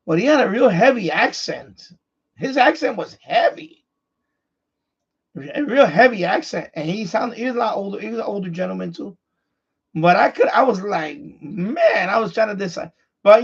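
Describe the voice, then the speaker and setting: The host is a man with a high, gravelly and husky voice who rambles and keeps circling back over the same point. The stream audio sounds dull and lo-fi. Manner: repetitive, restarts sentences often. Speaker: livestream host, amateur radio operator. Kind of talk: casual rambling chat.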